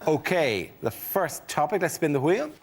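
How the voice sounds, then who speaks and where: Animated male panel show host. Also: on the high side. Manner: brisk, announcing rounds. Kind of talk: hosting a comedy panel show. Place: TV studio with live audience. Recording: loud studio audience and noise.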